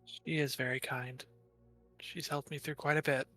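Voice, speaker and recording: A man quietly and politely speaking as his character in a tabletop game, measured and careful. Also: mid-range voice, little pitch movement, soft background music. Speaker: player.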